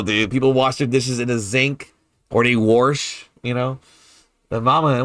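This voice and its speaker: A man's voice: mid-range voice, steady tone, fairly quick, a bit bright, smooth, dry recording. Chatty New Orleans man, dry close sound. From New Orleans, Louisiana. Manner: chatty, laughs often, swears casually. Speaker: game streamer. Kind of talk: casual chat over gameplay.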